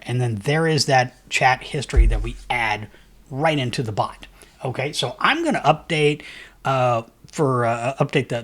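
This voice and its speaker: A man hosting a software tutorial, talking casually with many fillers and restarts as he works through a screen recording. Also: mid-range voice.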